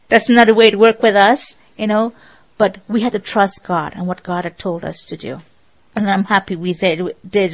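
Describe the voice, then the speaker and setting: A woman's voice: mid-range voice, poor audio. A woman preaching a sermon in an earnest, exhorting way, asking her listeners rhetorical questions.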